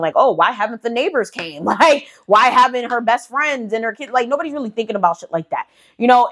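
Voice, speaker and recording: A young woman hosting a casual storytelling vlog, chatty, swearing freely and leaning on fillers like "you know". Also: mid-range voice. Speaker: storytime channel host.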